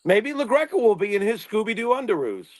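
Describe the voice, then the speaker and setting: A man's voice: sits high, big pitch swings, fast talker, no room sound. A man co-hosting a casual wrestling talk show, sarcastic and swearing freely. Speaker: co-host.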